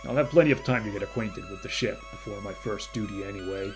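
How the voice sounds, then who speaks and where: A man streaming a story game, reading its narration aloud and breaking into chatty, excited asides. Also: fairly low pitch, brisk, hardly any pauses, music in the background. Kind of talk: reading game text aloud with casual commentary.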